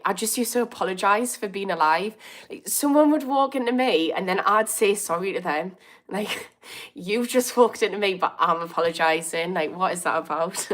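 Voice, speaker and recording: This is a woman in her thirties with a Birmingham accent, hosting a casual livestream. She talks close to the mic and reads comments aloud, laughing often and pushing back with amused indignation. Her voice sits fairly low for a woman. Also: fairly bright tone. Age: 30s. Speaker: recovery coach hosting a livestream.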